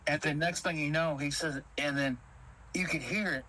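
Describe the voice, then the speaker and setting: A man tells a ghost story in an animated, casual way. His voice sits a bit high for a man. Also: moderate pace, dry recording, low-quality recording. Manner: animated, Southern-inflected storytelling with quoted dialogue. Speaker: caller telling an encounter.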